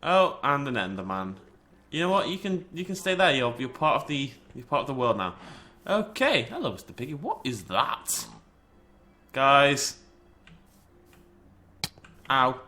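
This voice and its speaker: A young man with a cold, hosting a casual game commentary, chatty and self-mocking, jumping to high yelps when startled. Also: sing-song, unhurried, long pauses, sharp tone, slight background noise. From United Kingdom. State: has a cold. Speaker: gaming channel host. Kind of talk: casual Minecraft let's play commentary.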